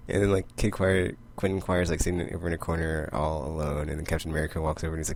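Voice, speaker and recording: Low, gravelly man rambling about comics. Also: level tone, fast, a little mellow, slight background noise. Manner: rambling, heavy use of "like". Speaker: comic book vlogger. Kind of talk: casual comic recap.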